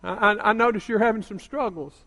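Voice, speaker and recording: High-voiced older preacher in a reverberant church. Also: male voice, brisk. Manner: call-and-response preaching, rising to emphatic shouts. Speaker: pastor. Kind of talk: sermon. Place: church sanctuary. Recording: long reverb of a church hall.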